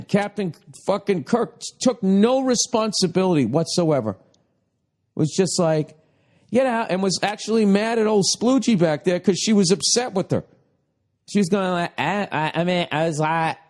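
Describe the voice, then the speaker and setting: A comedian and podcast host with a Boston accent launches into a profane, mocking comedic rant. His voice is high and a little mellow. He swears and does mocking imitations of other voices.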